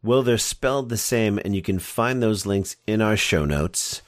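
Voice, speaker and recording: Deep-voiced rambling podcast host man. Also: animated, measured pace, no room sound, studio quality. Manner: rambling and enthusiastic. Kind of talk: casual interview chat.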